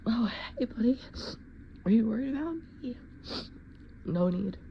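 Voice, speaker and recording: A woman's voice: on the high side, expressive, measured pace, slight background noise. A woman acting out a solo scenario, cooing at a pet and stammering flustered denials, in a slightly dull lo-fi recording. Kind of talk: acted solo sneeze scenario.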